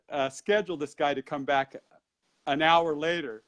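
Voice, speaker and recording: A man who teaches Qigong and Tai Chi, telling a long personal story in an interview. He talks like an animated storyteller and keeps his pace moving. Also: fairly high pitch, moderate pace.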